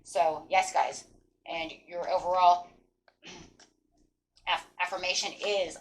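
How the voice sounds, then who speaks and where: A woman giving a casual spoken tarot reading, animated and encouraging, mixing card text with chatty asides and acted-out quotes. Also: lowish voice, slow pace, long pauses, low-quality recording. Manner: acts out quoted inner voices. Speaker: tarot reader.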